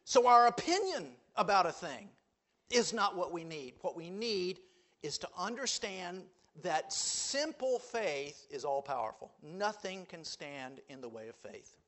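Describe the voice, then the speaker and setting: A man preaching a sermon, quoting scripture with emphatic swings between loud declarations and hushed lines. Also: sits high, big pitch swings, takes it slowly.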